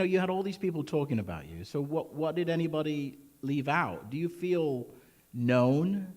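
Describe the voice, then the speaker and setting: Higher-voiced man asking the last question. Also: a little mellow. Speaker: interviewer, moderator. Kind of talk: on-stage interview questions.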